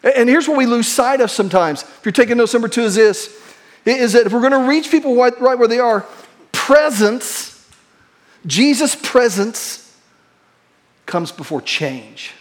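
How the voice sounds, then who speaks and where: High-voiced pastor preaching a sermon. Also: male voice. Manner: shifts between quick asides and slow, hushed emphasis; leads the congregation in call-and-response.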